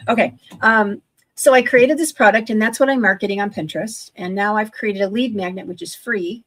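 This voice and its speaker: A woman in her sixties who runs an online business chats about it as a guest on a casual livestream video call. Her mid-range voice is brisk and a bit bright, and she talks enthusiastically, often restarting her sentences to correct herself.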